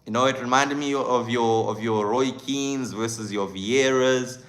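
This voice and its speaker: A South African football channel host runs a live fan stream, greeting viewers by name. He talks passionately and chattily in a medium-pitched, fairly bright voice at a measured pace.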